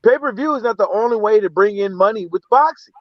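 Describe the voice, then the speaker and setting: A man's voice: high voice, expressive, quick pace, no echo. A man co-hosting a boxing talk show, blunt and profane, often asking "you know what I'm saying" in a heated casual debate. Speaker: podcast co-host. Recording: dry, dull lo-fi line.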